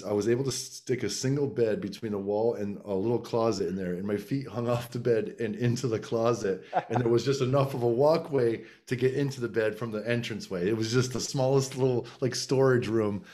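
A man's voice: mid-range voice, fairly quick, warm tone. A middle-aged man casually telling a long personal story, with many restarts and fillers. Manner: rambling, frequent restarts and filler.

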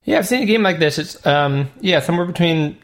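Laid back guy cohosting a retro game show, jokey and relaxed. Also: on the high side, fairly quick. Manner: easygoing, laughs often, joking asides. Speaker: podcast co-host. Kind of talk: casual retro gaming chat.

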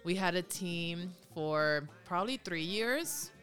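A woman from Rico, chatting as a podcast guest in a lively, code-switching way. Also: lowish voice, slow, faint music behind. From Puerto Rico. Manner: chatty, code-switching, animated when telling stories. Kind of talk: casual podcast interview.

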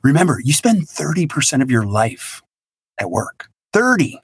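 A middle-aged man, a business consultant guest on a podcast interview, talking in an energetic, emphatic and blunt way. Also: medium pitch, normal speed, husky, no echo, clean studio sound.

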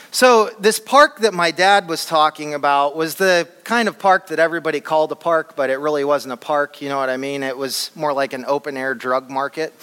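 A man from Flint, Michigan, telling an animated and humorous personal story to a live audience in a large hall. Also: on the high side, smooth. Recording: long hall reverb.

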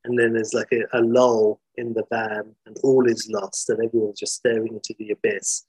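Husky man retelling a story. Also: fairly low pitch, moderate pace, low-quality recording. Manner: animated, rambling, filler-heavy.

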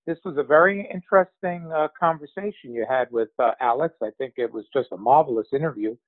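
An older man giving measured, complimentary remarks on an interview, pausing often with "uh". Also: mid-range voice, no echo. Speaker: host's father commenting. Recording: dry tinny phone-like line.

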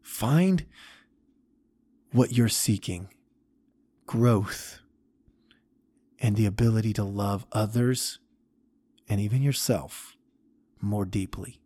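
Man, podcast host, storytelling, earnest, halting, husky, low-pitched. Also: steady tone, warm tone. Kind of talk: storytelling talk.

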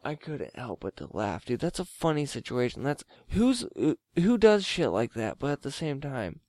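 A man's voice: mid-range voice, wildly swooping pitch, moderate pace, darkish tone, no room sound, studio quality. Profane, laughing man on a podcast. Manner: profane, rambling, laughing often. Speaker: podcast co-host. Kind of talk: late-night casual podcast banter.

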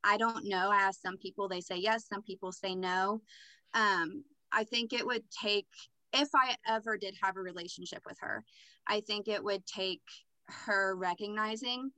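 A woman's voice: medium pitch, fairly even intonation, normal speed, bright, forceful tone, no echo, poor audio. A young adult woman telling a personal story as a podcast guest, candid and matter-of-fact. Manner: candid, matter-of-fact recounting with filler words.

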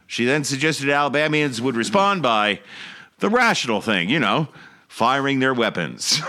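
A man's voice: mid-range voice, wildly swooping pitch, slow, long pauses, sharp tone. A man hosting a comedic political show, mocking the news and laughing often. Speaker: host.

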